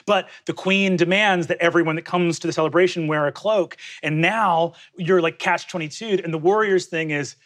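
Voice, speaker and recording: A man's voice: high voice, normal speed, few pauses, fairly bright tone. A man in casual chat, rambling through an explanation full of restarts. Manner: rambling, lots of fillers and restarts while explaining.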